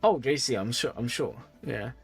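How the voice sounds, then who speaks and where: With vocal fry and soft music behind him, this man talks at a moderate pace while reviewing game accounts for his live-stream viewers. He offers casual game advice in a chatty, rambling manner, with lively pitch and repeated phrases. He's a little tired and yawns.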